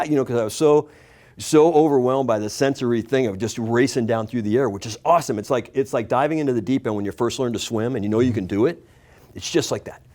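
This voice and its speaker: A man in his sixties tells a story as a talk show guest. He talks with animated energy and acts out the voices and shouts of the people in it. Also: mid-range voice, fast.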